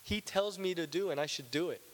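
High-voiced pastor, joking sermon. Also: male voice, lively intonation, a little fast, fairly bright tone, long reverb tail. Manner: conversational and joking, keeps asking "right?". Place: church.

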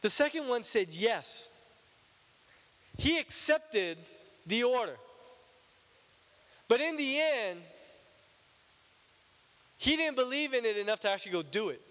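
A man's voice: extremely high pitch, very animated, slow, long pauses, a bit bright, long reverb tail. A male pastor preaching a conversational, joking sermon in a church, often checking in with "right?".

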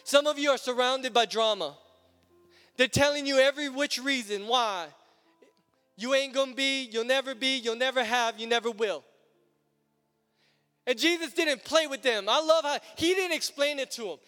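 A male preacher delivering an emphatic, repetitive sermon that builds to shouts. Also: very high voice, moderate pace, pauses often. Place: church sanctuary. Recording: long church reverb with music.

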